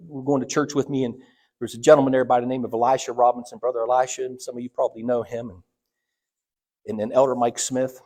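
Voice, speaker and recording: A mid-range, darkish male voice belongs to a middle-aged church elder from Ohio giving a sermon. He relates personal stories in a conversational manner, often starting over and voicing the people he quotes.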